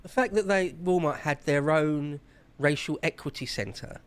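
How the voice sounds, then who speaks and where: Guy w a higher voice, incredulous, talks quick. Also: smooth. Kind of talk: casual political chat.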